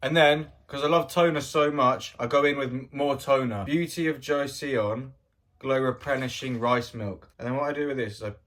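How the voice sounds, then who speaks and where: A man's voice: mid-range voice, steady tone, a little fast, hardly any pauses, fairly bright tone. Rambling man vlogging. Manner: rambling, joking, trails off into mumbled asides. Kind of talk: casual vlog talk.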